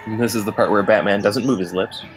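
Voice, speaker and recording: A man's voice: lowish voice, fast, rough recording. A man who was in the cast, commenting casually on a stunt show video and joking. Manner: relaxed, joking.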